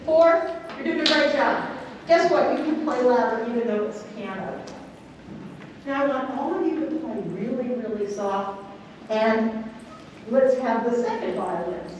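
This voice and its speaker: High-voiced woman coaching a youth orchestra. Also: animated, normal speed, background noise. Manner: counts beats aloud, sings counts, quizzes students. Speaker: string orchestra clinician. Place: large convention rehearsal hall. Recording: echoey hall from far off.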